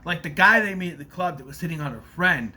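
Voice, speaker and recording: A man talks through a film's plot in a loose, rambling vlog style, dropping curses along the way. His voice is bright and swings widely in pitch. A faint room ambience sits behind him. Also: lively intonation, fast, slight background noise. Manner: rambling, loose, swears freely. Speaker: movie recap vlogger. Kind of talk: casual spoken movie recap.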